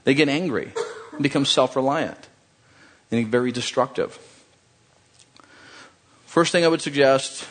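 A male preacher gives a sermon in a lively, chatty style, kidding around with his congregation. His voice is slightly high for a man and ranges broadly in pitch.

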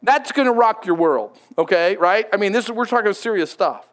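Male pastor, high-pitched, chatty and emphatic, preaching a sermon. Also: lively intonation, brisk. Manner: conversational, emphatic, repeats words.

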